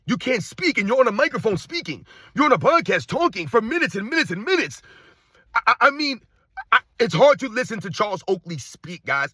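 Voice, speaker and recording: Husky guy ranting about sports, high lively voice, dry close sound. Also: no echo. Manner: heated, repetitive, exasperated rhetorical questions. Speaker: sports commentary host. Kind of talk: ranting commentary.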